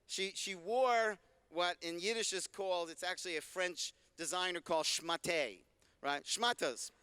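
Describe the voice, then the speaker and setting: A man's voice: high voice, measured pace, smooth, dry recording. A man, a rabbi, giving a talk and answering audience questions in a conversational, joking way. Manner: warm, joking, conversational teaching. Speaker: rabbi and speaker. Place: convention hall stage.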